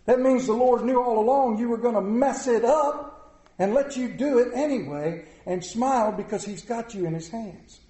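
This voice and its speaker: A middle-aged man preaches to a full room, slipping into the voices of his anecdotes. His voice sits high but mellow. The sound carries a roomy echo. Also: normal speed. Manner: storytelling, animated, acts out voices in anecdotes. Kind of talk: sermon. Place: large room with audience. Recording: echoey room.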